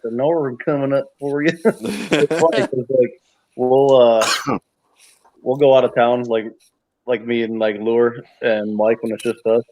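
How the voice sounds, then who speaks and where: A man's voice: mid-range voice, a little slow, pauses often, low-quality recording. A man from New York hosting a casual group chat, telling stories and laughing often. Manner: laughs often, animated storytelling. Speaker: host.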